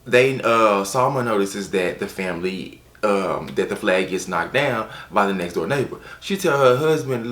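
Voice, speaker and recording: A man casually reviewing books on his channel, chatty and animated, with playful asides. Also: fairly low pitch, normal speed, hardly any pauses, roomy sound. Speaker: book reviewer. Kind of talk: casual book review vlog.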